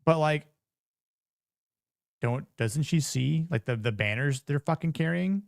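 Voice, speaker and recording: Dude reacting to a tv episode, swears a lot, jokey, dry close sound. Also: male voice, a little high, expressive, measured pace, gravelly, dry recording. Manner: blunt, profane and joking. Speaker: show reviewer. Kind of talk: casual reaction commentary.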